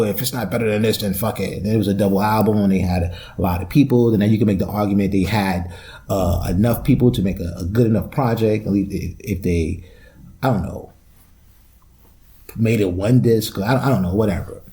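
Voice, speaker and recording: A man's voice: on the low side, warm tone. A young man hosting a solo podcast, rambling through a loose, profane, joking rant. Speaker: podcast host.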